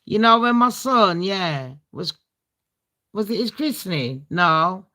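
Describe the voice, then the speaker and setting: Give me a British woman chatting casually with her viewers, bright and forceful, blunt and crude. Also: mid-range voice, animated, takes it slowly. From Britain. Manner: blunt, profane, laughing asides. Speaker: livestream host. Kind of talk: casual storytime chat.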